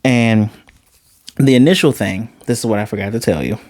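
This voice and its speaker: A man recapping an anime episode in casual talk, animated and quick to slip into quoted voices. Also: on the low side, no room sound, studio quality. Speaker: anime reviewer.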